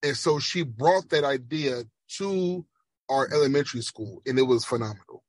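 A man from Chicago with a slight Jamaican-influenced accent, a speech pathologist giving earnest, emphatic interview answers that slow down for emphasis. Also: mid-range voice, lively intonation, no echo. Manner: emphatic, measured, slows for emphasis. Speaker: speech language pathologist guest.

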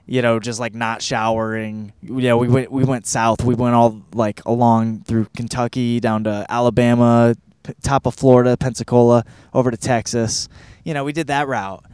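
A man's voice: mid-range voice, level tone, moderate pace, darkish tone, clear, resonant tone, no echo, clean studio sound. A man in his thirties from Michigan, hosting a podcast and reviewing a book in a rambling, profane, self-deprecating monologue. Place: California.

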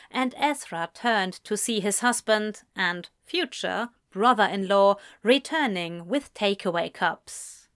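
A woman narrating a romance story in a calm, measured way. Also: mid-range voice. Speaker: audiobook narrator. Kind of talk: scripted narration.

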